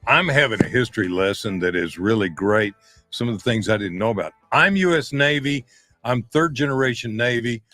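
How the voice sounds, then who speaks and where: A man hosting a veterans talk show, enthusiastic and interjecting, often clearing his throat. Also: mid-range voice, animated, normal speed, sharp tone, soft background music. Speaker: show host.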